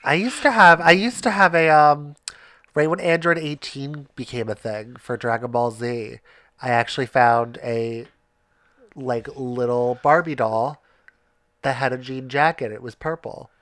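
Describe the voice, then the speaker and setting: A man co-hosts a casual podcast and trades jokes in a deadpan manner. His voice is bright and sits in a middle range. The sound is dry and close, with no room echo. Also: medium pitch, unhurried. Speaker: podcast co-host. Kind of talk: casual chat.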